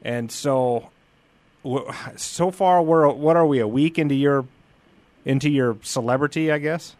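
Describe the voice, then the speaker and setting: A man's voice: medium pitch, a little slow, a little mellow, no echo. A man hosting a casual interview, asking direct and playful questions. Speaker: host.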